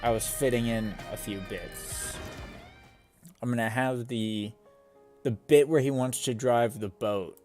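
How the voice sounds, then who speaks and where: A man's voice: mid-range voice, fairly even intonation, unhurried, darkish tone. Rambling, swearing male streamer. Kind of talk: casual live-stream chat while gaming. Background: game music.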